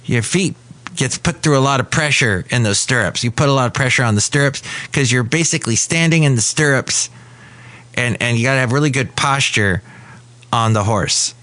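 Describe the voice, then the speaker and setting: A man's voice: mid-range voice, moderate pace, pushed and bright. A man from California hosting a comedic podcast from a café, rambling and correcting himself as he talks. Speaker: podcast host. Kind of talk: casual comedic podcast chat.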